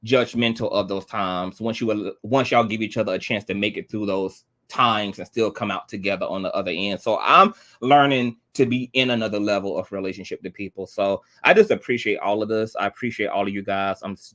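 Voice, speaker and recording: A man's voice: lowish voice, steady tone, brisk, few pauses, a bit bright. A man in his thirties hosting a livestream, talking heartfelt and tearful, repeating himself and swearing often. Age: 30s. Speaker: livestream host. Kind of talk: emotional livestream chat.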